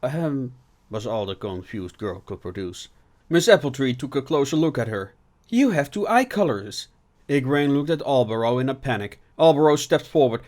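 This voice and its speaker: A man's voice: medium pitch, expressive, fairly quick, darkish tone. Man narrating a dramatic audiobook. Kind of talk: audiobook narration with character voices.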